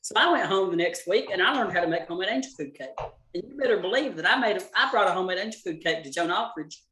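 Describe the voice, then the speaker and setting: A man's voice: high-pitched, lively intonation, racing, bright, forceful tone, roomy sound. A man with a Southern accent, hosting a cooking session on a video call and telling folksy stories. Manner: folksy storyteller. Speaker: cooking class host. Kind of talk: casual chat on a video call.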